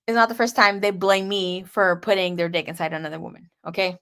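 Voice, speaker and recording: A woman's voice: medium pitch, fairly even intonation, fairly quick, few pauses, fairly bright tone, clear, resonant tone. Candid, profane young woman storyteller. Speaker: tarot reader. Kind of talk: casual personal storytelling.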